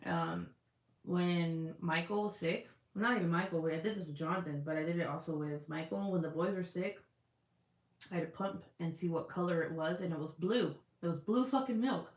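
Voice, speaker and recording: A woman chatting casually with her livestream audience, candid and chatty, swearing freely as she talks. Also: lowish voice. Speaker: livestream host. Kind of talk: casual chat. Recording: roomy echo.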